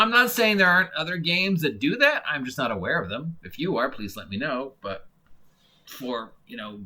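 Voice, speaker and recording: A man's voice: mid-range voice, bright, forceful tone. A man giving a casual, rambling monologue as a game reviewer, full of fillers and restarts. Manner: mock voices when imitating others.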